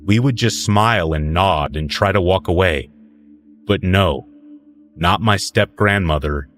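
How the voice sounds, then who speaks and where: Deep-voiced man narrating a horror story. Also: measured pace, a bit bright, faint music behind. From northern New Mexico. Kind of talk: calm scripted horror narration.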